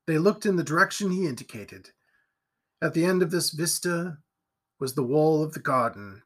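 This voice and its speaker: A male narrator reads an old gothic novel with expressive, theatrical delivery. His voice is bright and ringing, pitched well above the usual for a man. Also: moderate pace, slightly rough. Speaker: audiobook narrator. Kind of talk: dramatic audiobook narration.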